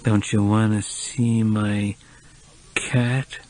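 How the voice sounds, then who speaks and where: A man's voice: lowish voice, little pitch movement, a little mellow. A man doing a slurring drunk woman. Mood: sleepy, drunk. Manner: slow sleepy whine. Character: drunk sleepy lonely middle-aged woman, whining.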